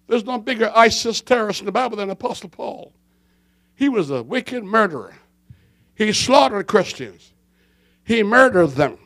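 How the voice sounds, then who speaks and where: A man preaching a fiery sermon, swinging between shouting and hushed tones and hammering home repeated phrases. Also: extremely high pitch.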